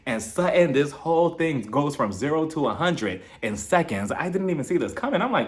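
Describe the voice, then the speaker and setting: A man casually recapping a reality TV episode, animated and gossipy, laughing often as he retells the drama. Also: medium pitch, a little fast, few pauses.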